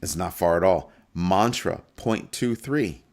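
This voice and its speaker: With a deep voice and an unhurried delivery, a man hosts a laid-back crypto live stream. He works through figures while lurching between calm and playful mock panic.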